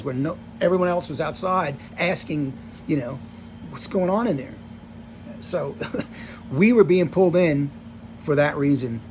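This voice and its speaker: A man's voice: a little high, darkish tone, slight background noise. A man in his sixties casually telling stories from his past on camera, rambling and full of "you know" and "like". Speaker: vlogger telling rock-tour stories. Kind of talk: casual storytelling.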